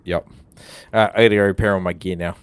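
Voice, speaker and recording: Deep-voiced laid-back man on voice chat. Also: fairly even intonation, fast talker, smooth, no room sound. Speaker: fellow player in voice chat. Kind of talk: casual voice chat.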